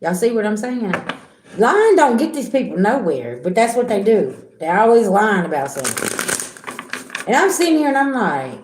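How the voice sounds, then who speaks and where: A woman's voice: medium pitch, very animated, normal speed, reverberant, background noise. A middle-aged woman giving a casual tarot reading, blunt and repetitive, talking straight to her viewers. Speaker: tarot reader.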